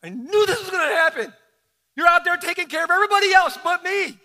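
A man's voice: extremely high pitch, big pitch swings, fairly quick, vocal fry, husky, no echo, full character voice. A preacher acting out a frantic grieving father. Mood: bitter, accusing. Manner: pleading, accusing, rising to a shout. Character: desperate grieving father, angry at abandonment. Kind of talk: sermon.

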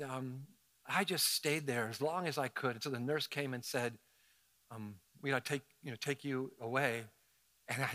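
A middle-aged man from Southern Ohio, a pastor preaching a sermon in a conversational, animated storytelling way with self-mocking asides. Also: fairly high pitch.

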